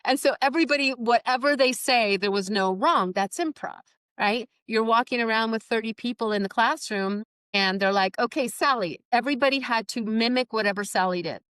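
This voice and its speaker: A woman's voice: fairly high pitch, fairly quick, a bit bright, clean tone, no echo. A middle-aged woman, the guest, telling stories animatedly in an interview and acting out the voices she quotes. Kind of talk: podcast interview storytelling.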